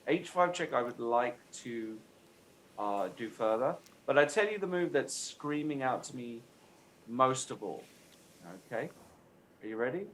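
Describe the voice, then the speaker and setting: A man's voice: medium pitch, lively intonation, measured pace, a bit bright, rough recording. A man co-hosting a chess show who works through candidate moves in a methodical way. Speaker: chess expert co-host. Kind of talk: casual chess analysis. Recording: faint background noise.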